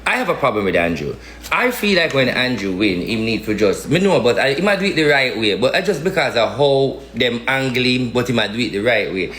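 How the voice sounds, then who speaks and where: A man's voice: mid-range voice, sing-song, fairly quick, fairly bright tone, echoey room, slight background noise. A man from Jamaica with a Jamaican Patois accent, giving a casual political rant with emphatic, repetitive, slangy talk. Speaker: political commentator.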